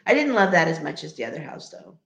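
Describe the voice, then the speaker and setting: A middle-aged woman with a lowish voice chats as a guest on a podcast, laid-back and often laughing. Her pitch swings widely as she talks. The sound has a roomy echo to it. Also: very animated, quick pace, gravelly, a crowd in the background. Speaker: guest, mother of the hosts. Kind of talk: casual chat. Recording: echoey room.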